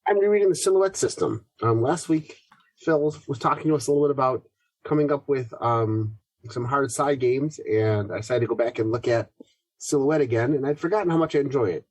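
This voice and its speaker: A man hosting a gaming podcast, chatting in a brisk, friendly way. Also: medium pitch, darkish tone, husky, dry recording. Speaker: podcast host. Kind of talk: casual chat.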